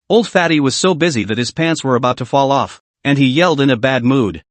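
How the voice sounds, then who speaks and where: A man's voice: mid-range voice, a little fast, hardly any pauses, dry recording. A man narrating a recap story in a scripted storytelling style, slipping into the characters' quoted lines.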